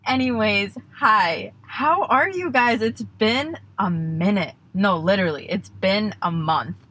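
A young woman hosts her own podcast, chatting solo in a bubbly, rambling way and often breaking off mid-thought. Her voice sits at medium pitch with a fairly bright tone, and she takes her time. There's slight background noise.

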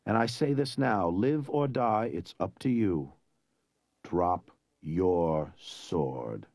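A man voicing a weakened young hero who lists cold threats in a soft, measured way. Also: mid-range voice, lively intonation, dry recording, studio quality. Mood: menacing. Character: weak but menacing young hero, cold and mocking.

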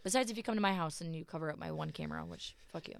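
Profane, smooth-voiced woman telling a story. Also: low voice, rapid-fire, dry recording. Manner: profane, animated retelling. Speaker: podcast co-host. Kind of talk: casual storytelling chat.

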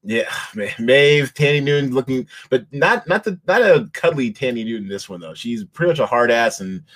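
A man talking casually with a co-host about the shows he has been watching. His sentences wander, break off and restart, with plenty of fillers along the way. His voice sits at an average pitch. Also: expressive, normal speed, fairly bright tone. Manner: rambling, many restarts and fillers. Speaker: podcast host.

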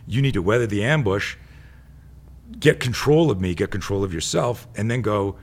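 A man with a very low voice talks casually as a tactical instructor. He rambles, drifts off on tangents and acts out the people in his stories. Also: expressive, moderate pace. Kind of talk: casual storytelling.

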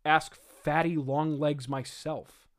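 A man voicing a stern young male superhero in a flat, stern way. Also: on the high side, takes it slowly.

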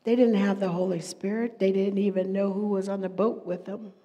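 A middle-aged woman preaching a sermon, moving between hushed whispers and loud, emphatic passages. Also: mid-range voice, fairly even intonation, brisk, dull audio. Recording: long echoey hall reverb.

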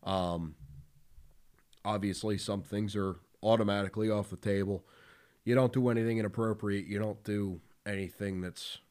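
A man's voice: on the low side, steady tone, moderate pace, darkish tone, clear, resonant tone. A man hosting a podcast in casual talk, blunt and profane, with lots of fillers. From Philadelphia area. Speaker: podcast host.

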